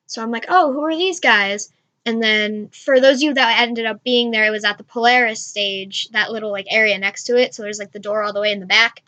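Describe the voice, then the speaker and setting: Gushing young woman, bright and lo-fi. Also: fairly high pitch. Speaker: vlogger. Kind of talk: casual storytelling to camera. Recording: dull lo-fi home recording.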